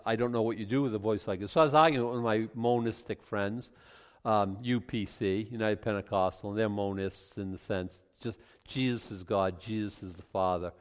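This lowish male voice has a clean tone. He teaches the Bible verse by verse in a relaxed, conversational manner, frequently restarting and tossing in asides, all echoing with long hall reverb.

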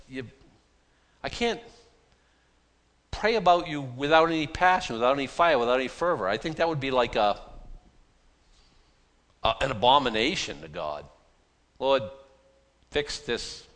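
A man's voice: medium pitch, fairly bright tone. A man with a Boston accent, a pastor preaching an informal, chatty sermon with self-deprecating asides. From Boston, USA. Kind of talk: conversational sermon. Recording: long hall reverb.

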